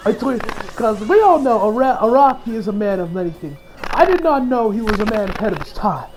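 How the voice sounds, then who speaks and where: High-voiced man rambling through an anime review. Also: big pitch swings, fairly quick, over music, low-quality recording. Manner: rambling, frequent restarts, laughs often. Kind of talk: casual episode review.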